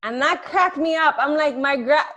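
A woman's voice: high voice, normal speed, pushed and bright. A young woman co-hosting a podcast, telling stories in casual chat, swearing freely and laughing often. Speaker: podcast co-host.

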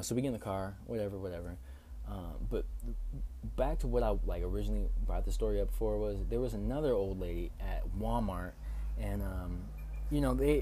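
A young man hosting a podcast, telling a story in a casual, profane, animated way with lots of fillers. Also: on the low side, a little hiss or hum. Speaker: podcast host.

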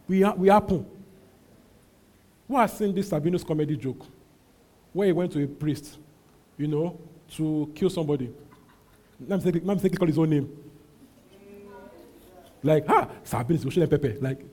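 A man preaching a sermon as pastor, his voice husky and mellow, pitched a little high for a man. He presses his points by repeating them, rising to loud calls and dropping to low, slow asides.

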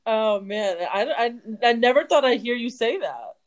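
A woman co-hosting a podcast in casual chat, teasing and joking while quick to agree with her co-host. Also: a little high, expressive.

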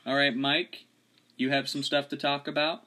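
A young man from Florida hosts a casual podcast. His voice is bright and mid-pitched. He moves steadily through segment intros and explanations. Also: level tone, normal speed, a little hiss or hum. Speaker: podcast host.

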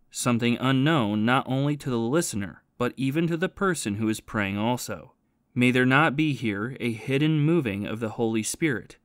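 Man voicing a learned scholar, earnest, measured, instructive, audiobook reading, dry close sound. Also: medium pitch, a bit bright, dry recording, natural voice. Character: learned male scholar teaching about prayer. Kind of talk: audiobook reading of a spiritual classic.

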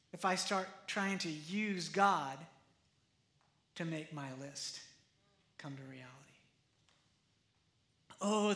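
A man pastor preaching a sermon in a conversational, animated way, often acting out the quotes. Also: high voice, roomy sound.

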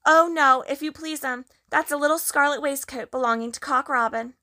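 A woman's voice: sits high, moderate pace, sharp tone, voice pushed up. A woman voicing a humble, anxious little hedgehog washerwoman in a storybook reading, polite and sing-song. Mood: fussy, polite.

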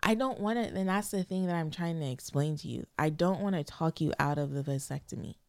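A young woman with a low, gravelly voice talks in a casual podcast chat. She is emotional and hesitant, close to tears, and often searches for words. The sound is dry and close. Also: fairly quick, a little mellow, no echo. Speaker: podcast co-host.

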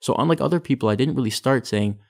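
Speaking fast in a gravelly, medium-pitched voice, a young Canadian guest recounts how he got into taekwondo. He's a taekwondo athlete and sports psychology practitioner, and his casual interview storytelling is packed with "like" and "you know".

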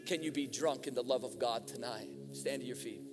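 A man preaching a sermon in a church, impassioned, swinging from hushed appeals to shouted fervor. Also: mid-range voice, brisk. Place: church hall. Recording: music, long hall reverb.

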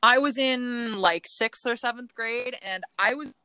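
A young woman co-hosting a casual podcast chat, telling stories in an animated way with lots of fillers. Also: fairly high pitch, measured pace, clear, resonant tone, no echo. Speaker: podcast co-host.

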